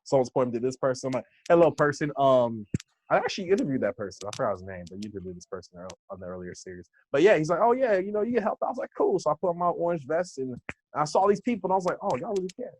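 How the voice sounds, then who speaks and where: A young American man from Los Angeles, a guest in a casual interview, telling stories with lively acted-out quotes and frequent laughs. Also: a little high, rapid-fire, a little hiss or hum. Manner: animated storyteller who acts out quoted voices, laughs often. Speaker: interview guest, hip hop instructor.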